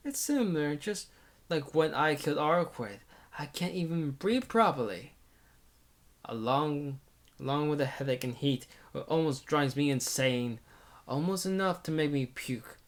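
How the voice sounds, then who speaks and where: A man reading a visual novel aloud in the first person, intense and theatrical, often restarting words. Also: fairly high pitch.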